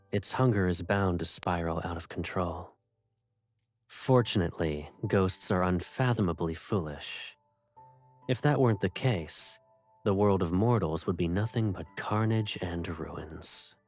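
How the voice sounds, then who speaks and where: An actor playing a devoted, protective young man in a video game, speaking slowly and solemnly with a soft husky voice. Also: sits low, soft background music.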